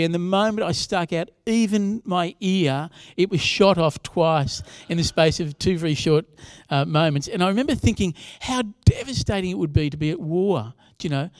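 A man's voice: sits high, no room sound. A younger man preaching a sermon in a conversational way, with asides to the congregation. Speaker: pastor.

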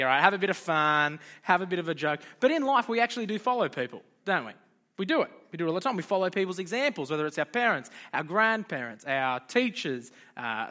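A man's voice: high-pitched, sharp tone. A young man giving a casual, joking talk to a youth group as its leader. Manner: chatty, joking, loose and informal.

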